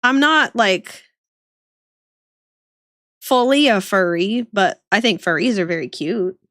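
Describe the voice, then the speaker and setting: Slow, giggly woman streamer. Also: mid-range voice, expressive, dry recording, studio quality. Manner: giggly, bubbly, greets chat warmly. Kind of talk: casual chat with viewers while drawing.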